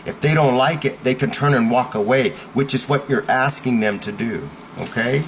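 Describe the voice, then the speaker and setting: A man's voice: medium pitch, normal speed, background noise. A man teaching how to stand up to bullies, speaking emphatically and checking in with the listener with a frequent "okay?". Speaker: self-help teacher. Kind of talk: instructional talk.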